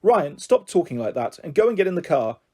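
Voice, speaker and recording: Brief: man reading a fussing storybook mum, lively and mellow-toned. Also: fairly high pitch, a little fast, slightly rough. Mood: exasperated. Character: exasperated mum, adult woman, chatty. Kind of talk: audiobook character voice.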